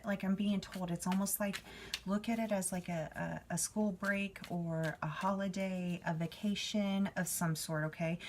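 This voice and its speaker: A woman's voice: mid-range voice, background noise. A woman giving a spiritual card reading, talking to the viewer in a chatty, reassuring way. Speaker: tarot reader.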